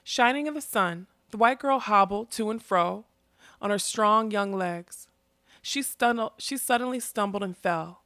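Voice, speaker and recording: A woman's voice: medium pitch, measured pace, fairly bright tone, no echo, clean studio sound. Woman narrating a fantasy audiobook. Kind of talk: scripted storybook narration.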